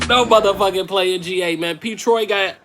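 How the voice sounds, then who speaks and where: A man's voice: sits high, a little fast, over music. A middle-aged man, co-hosting a casual podcast chat with loose, slangy joking banter. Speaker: podcast co-host.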